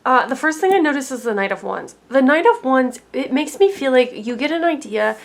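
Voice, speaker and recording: A woman's voice: high-pitched, sing-song, a little fast, creaky. A young adult woman giving a casual tarot reading in a chatty way, full of "like" fillers. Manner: chatty, heavy use of "like" fillers. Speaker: tarot reader.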